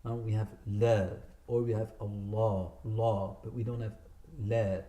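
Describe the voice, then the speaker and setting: Patient man teaching recitation, dark voice. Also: lowish voice, flat delivery, moderate pace. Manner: patient, corrects common mistakes, drawls demonstrated words. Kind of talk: spoken lesson with slow demonstrations of recitation. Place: community centre room. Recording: echoey room.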